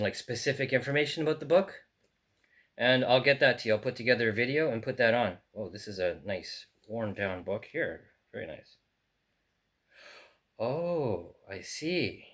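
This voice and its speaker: A man's voice: medium pitch, fairly bright tone. Man rambling through a book unboxing. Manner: rambling, thinking aloud with fillers and restarts. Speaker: book collector. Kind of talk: casual unboxing vlog. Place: in France.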